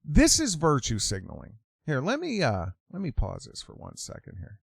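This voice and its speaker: A male talk host ranting in a sarcastic, opinionated monologue. His voice sits somewhat high and swings widely in pitch, and he takes his time over the words. The sound is close and dry. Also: huge pitch swings, normal speed, gravelly, breathy edge, no echo.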